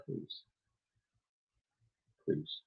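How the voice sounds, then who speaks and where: A man's voice: extremely slow, dull audio. A man hosting his own live stream, ranting in a heated, profane, scolding way. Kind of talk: angry live-stream rant.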